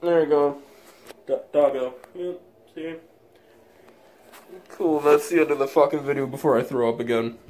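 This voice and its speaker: A man's voice: mid-range voice, steady tone, a little fast, darkish tone. A man vlogging casually, swearing constantly with blunt running commentary. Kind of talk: casual self-filmed vlog.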